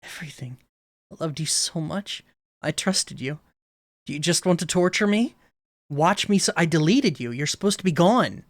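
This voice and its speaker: A man's voice: on the high side, animated, normal speed, no echo, studio quality. A man reading aloud the lines of a heartbroken young woman who is the AI president of a club in the game, in his own voice. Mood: hurt.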